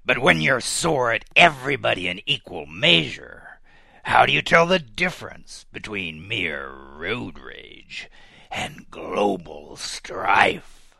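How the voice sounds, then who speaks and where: A man's voice: big pitch swings, creaky, pushed and bright, no echo, full character voice. A man voicing anger personified as a bitter, growling male figure in a storybook reading. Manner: growled, low and slow.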